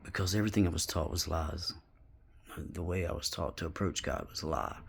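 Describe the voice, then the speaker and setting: Gravelly deep-voiced man in his fifties. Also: a little fast. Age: 50s. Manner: drops to a whisper often, intense. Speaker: vlogger. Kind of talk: rambling spiritual monologue.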